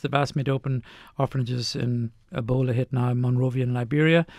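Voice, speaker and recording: A man's voice: mid-range voice, vocal fry, no room sound, clean studio sound. Man telling stories on radio. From Ireland. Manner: anecdotal, unhurried, lists points. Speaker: interview guest, doctor. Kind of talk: radio interview, storytelling.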